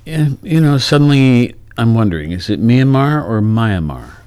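A man's voice: medium pitch, sing-song, darkish tone, smooth, no room sound. A man co-hosting a casual radio show, reading date facts aloud and thinking aloud as he goes. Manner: unhurried, thinks aloud with ums and let's-sees. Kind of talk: casual radio chat, reading on-this-day items.

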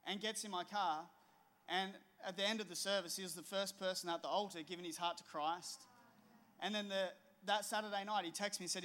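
Middle-aged male pastor, lively storyteller, high and bright. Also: fairly quick. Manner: storytelling, animated and conversational. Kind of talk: sermon with personal story.

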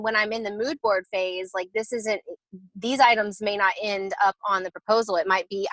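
A woman talks through her design process in a relaxed, conversational way. She explains steps patiently, often pausing with fillers and restarting sentences. Her voice is mid-pitched and recorded dry and close. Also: dry recording, low-quality recording. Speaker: interior designer. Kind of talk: casual podcast interview.

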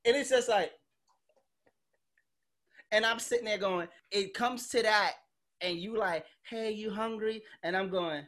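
A woman's voice: medium pitch, a little slow, pauses often, a bit bright. A woman hosting a podcast, chatting casually in a blunt, emphatic way and swearing freely. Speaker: podcast host. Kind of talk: casual chat.

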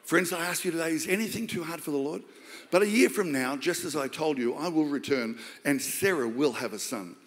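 An Australian man preaching a sermon as pastor, jokey and animated, acting out the voices of the story. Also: a little high, fairly quick. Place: large church hall. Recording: long hall reverb.

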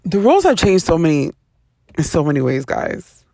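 A woman hosting a podcast, telling casual stories in an animated, expressive way, acting out quoted voices and laughing often. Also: low-pitched, moderate pace, creaky, no echo, clean studio sound. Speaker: podcast host. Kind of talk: casual storytelling monologue.

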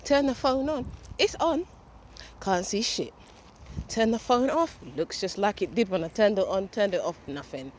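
Breathless woman host, rambling chat, headset mic, windy park, steady outdoor noise. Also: medium pitch, moderate pace, low-quality recording. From England. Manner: chatty, rambling, swears casually. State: slightly out of breath. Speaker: podcast host. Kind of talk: casual solo podcast monologue. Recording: outdoor wind and street noise.

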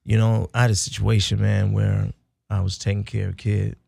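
Gravelly-voiced man telling animated stories. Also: fairly low pitch, a little fast, no echo. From United States (south side of Chicago). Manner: animated storyteller who swings from hushed to loud and laughing, says "y'all" and "baby". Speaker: interview guest, military veteran. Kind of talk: casual storytelling conversation.

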